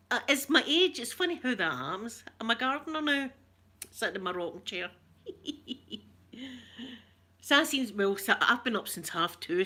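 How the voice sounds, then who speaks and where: Her voice is mid-range and sharp: a middle-aged Scottish woman running an ASMR livestream and reading viewer comments. She chats casually with her live audience, rambling, laughing often and naming people as she greets them.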